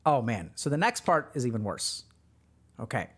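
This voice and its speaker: This is a psychiatrist talking through a TV show for an online audience. The delivery is explanatory, and the speaker keeps turning to the viewers to check that they follow. The voice sits at a middle pitch. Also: sing-song, normal speed, breathy edge. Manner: explanatory, addresses viewers directly. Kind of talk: reaction commentary on a TV show.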